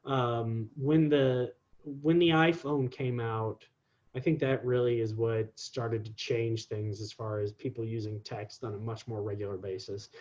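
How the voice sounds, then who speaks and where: A man's voice: medium pitch, fairly even intonation, a little slow, darkish tone, muffled recording. A man in his forties, a guest talking casually in an interview, rambling with lots of ums and restarts. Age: 40s.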